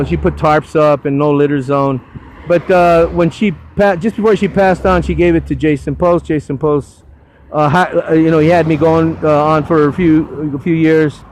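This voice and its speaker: A man's voice: fairly high pitch, darkish tone, a little hiss or hum, rough recording. An older man volunteering to clean up litter, giving a rambling, enthusiastic casual walking tour outdoors on a hillside road, full of stumbling restarts.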